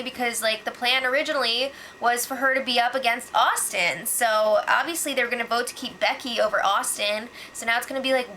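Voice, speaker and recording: A woman's voice: a little high, pushed and bright, a little hiss or hum, low-quality recording. A young woman casually recapping reality show gossip, sarcastic and full of "like" and "um". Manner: chatty, sarcastic, lots of "like" and "um".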